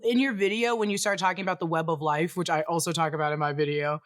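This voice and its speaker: An excitable co-host in casual chat who laughs easily and keeps apologizing mid-sentence. The voice sits at a middle pitch. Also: fast talker. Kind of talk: casual pop-culture discussion.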